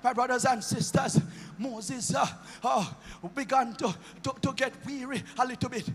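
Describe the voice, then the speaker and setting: A Jamaican bishop preaching a sermon in a church, his impassioned delivery rising into chanted shouts. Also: very high voice, moderate pace, big-room sound. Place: church sanctuary.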